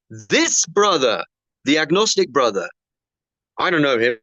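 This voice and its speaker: A man's voice: mid-range voice, unhurried, no room sound. Man, preacher, storytelling sermon, acts out dialogue, dull dry recording. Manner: animated storyteller acting out dialogue. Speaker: Muslim preacher.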